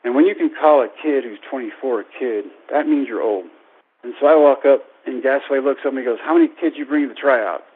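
The speaker, a baseball coach and public speaker in his 30s, narrates a personal story for an audience, bringing its characters' voices to life. His medium-pitched delivery is fairly quick and animated, carried on a tinny, phone-like radio broadcast.

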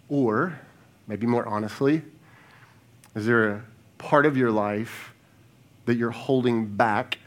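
Man preaching a conversational sermon. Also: mid-range voice. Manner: conversational preaching, rhetorical questions, repeats words; softens to a hushed tone for reflective questions. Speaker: lead pastor.

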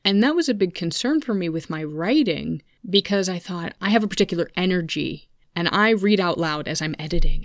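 Speaking fairly quickly with hardly any pauses, this podcast host in her thirties delivers a candid monologue sprinkled with asides to listeners. Her voice is lowish, and the sound from her home-computer studio mic is clean with no echo.

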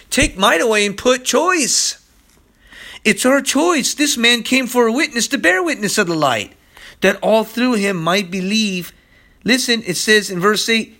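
A man's voice: sits high, sharp tone. A man preaching a podcast sermon, urgent and pleading, who keeps repeating "listen" to his listeners. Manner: impassioned, pleading.

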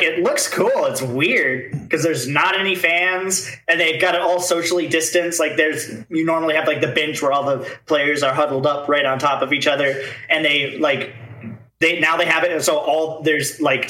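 A man talks casually in a group podcast, wandering through his points with restarts and filler words. His voice is bright and slightly raised in pitch. The room gives it a noticeable echo. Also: steady tone, normal speed. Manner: rambling, many restarts and fillers.

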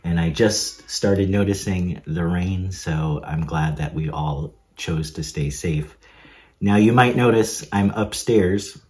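Low-voiced man preaching casually from home. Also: darkish tone. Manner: conversational, chuckling asides, hesitant fillers. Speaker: preacher and seminarian. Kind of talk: casual online sermon. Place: upstairs bedroom at home.

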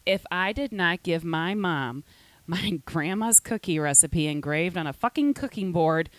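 A woman podcast host in casual chat, telling an animated story and acting out quotes. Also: on the low side, unhurried, no echo. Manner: animated storytelling, frequent swearing, acts out quotes.

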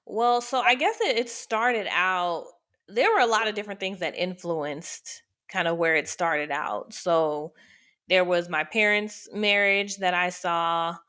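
A woman's voice: lowish voice, a little slow, sharp tone. A woman co-hosting a podcast in casual conversation, talking in a reflective, slightly hesitant way. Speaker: podcast co-host.

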